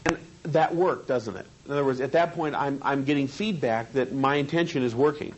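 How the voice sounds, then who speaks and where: A male trainer talks through a seminar in an easygoing, conversational way, often turning to the room with questions. His voice sits at an ordinary middle pitch. The recording is slightly muffled, with a faint hiss underneath. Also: brisk. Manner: conversational, asks the group questions. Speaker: hypnosis trainer. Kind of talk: seminar teaching. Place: training room with a live group.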